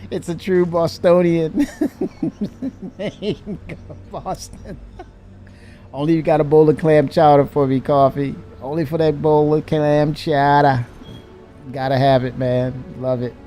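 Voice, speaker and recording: Relaxed man chatting on a live stream. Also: fairly high pitch, slow, faint music behind. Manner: animated, laughing, talking to chat. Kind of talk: casual live-stream chat.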